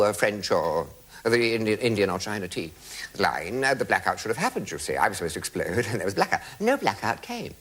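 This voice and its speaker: A man's voice: lowish voice, fairly bright tone. A man telling comic anecdotes to a live audience on a television studio stage, camp and theatrical with mock outrage. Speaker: comic raconteur.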